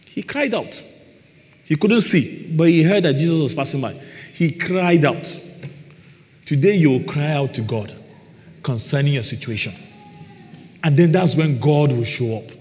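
A man's voice: fairly high pitch, animated, a little slow, pauses often, a little mellow. A man preaching a sermon to a congregation, reading scripture and stressing his points with "Praise the Lord" and questions to the listeners. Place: church hall. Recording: long reverb of a hall.

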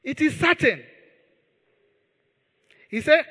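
High-voiced, bright pastor preaching in a hall. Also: male voice, expressive, slow. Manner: emphatic, repeats key words, leads the congregation in prayer. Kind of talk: sermon.

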